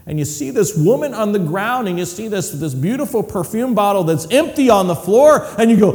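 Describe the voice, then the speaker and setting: Lively, animated male preacher in a hall. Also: high-pitched, brisk, hardly any pauses. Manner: animated storyteller, acts out voices and laughs often. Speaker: pastor. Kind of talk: sermon.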